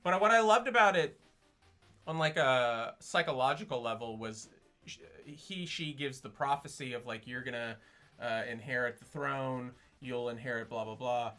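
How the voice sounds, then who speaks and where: A man co-hosting a casual film chat, teasing and joking with excitable reactions. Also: medium pitch, moderate pace. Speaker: podcast co-host.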